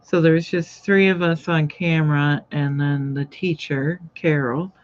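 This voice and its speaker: A woman with a low, steady, unhurried voice hosts a casual live sewing chat on her channel, rambling and greeting viewers by name as she works. The live-stream audio is dull and lo-fi.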